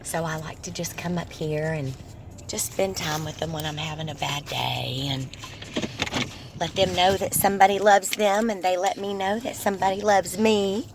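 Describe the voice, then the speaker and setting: Low-voiced woman ranting in a car. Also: steady tone, moderate pace. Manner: heated, ranting retelling. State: tired. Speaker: vlogger. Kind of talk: casual vlog update while driving. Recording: loud road noise in a car.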